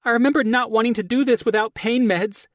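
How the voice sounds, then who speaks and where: A male audiobook narrator voicing a frantic, sharp-tongued woman in labor, with a high-pitched, strained squeal. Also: fairly even intonation, brisk, no echo, studio quality. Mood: panicked pleading. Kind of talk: audiobook character voice.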